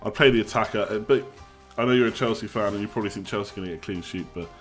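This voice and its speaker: A man's voice: on the low side, rapid-fire, soft background music. A young man hosting a live stream, chatting casually, joking and reading out the chat. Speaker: livestream host.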